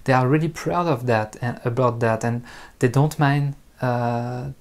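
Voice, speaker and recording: A native French speaker with a French accent teaches French online, talking to camera in a casual way. He speaks slowly and carefully, pausing and restarting often, in a mid-range voice with a steady tone.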